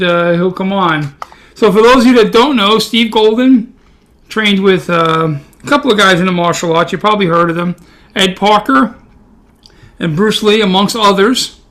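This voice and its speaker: A man's voice: sits high, a bit bright. A man with a Brooklyn accent co-hosting a podcast, joking and telling self-deprecating stories in casual chat. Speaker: podcast co-host.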